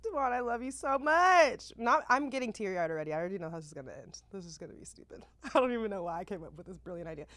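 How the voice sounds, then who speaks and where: Lively, slangy woman podcast host. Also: mid-range voice, racing, hardly any pauses, no echo. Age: 30s. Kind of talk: casual podcast chat.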